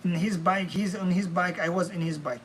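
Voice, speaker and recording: Cooking in his home kitchen, a young man rambles to viewers on a casual live stream, addressing them as bro and man. He speaks a little fast in a high voice with fairly even intonation, and there's a slight hiss or hum.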